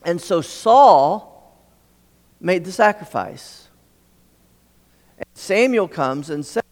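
A man's voice: high voice, expressive, slow pace, pauses often, a little mellow. A man preaching a sermon, retelling a story earnestly and often restarting his phrases. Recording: long hall reverb.

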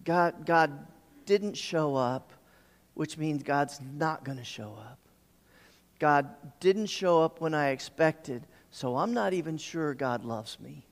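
A man's voice: on the high side, expressive, slow, in a large hall. A man preaching a sermon as pastor, repeating words and restarting as he builds emphasis.

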